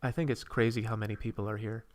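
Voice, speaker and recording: A man's voice: fairly low pitch, fairly even intonation, fast. A man hosting a casual livestream, rambling while he reads and answers viewers' comments and draws. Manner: drawing while talking. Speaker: streamer host.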